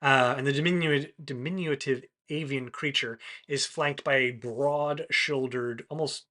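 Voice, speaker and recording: A man running a tabletop game as game master, narrating in a relaxed, descriptive way with many fillers. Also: mid-range voice, a little slow.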